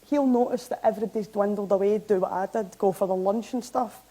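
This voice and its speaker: A young Scottish woman giving a public talk, recounting events in a lively, anecdotal way. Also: medium pitch, quick pace, poor audio. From Scotland. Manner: lively anecdotal, animated when amused. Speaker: member of parliament giving a talk. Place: hall, talk to an audience.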